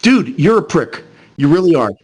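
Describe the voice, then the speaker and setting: A man's voice: a little high, big pitch swings, moderate pace, slightly rough. A man from New Jersey ranting angrily and profanely at people over voice chat. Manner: angry, profane, berating. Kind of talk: voice chat rant.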